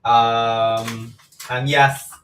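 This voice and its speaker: A man's voice: medium pitch, little pitch movement, extremely slow, a bit bright, distant mic. A man chatting casually while baking in his home kitchen, rambling and correcting himself. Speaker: baking livestream host. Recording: roomy kitchen, away from mic, faint noise.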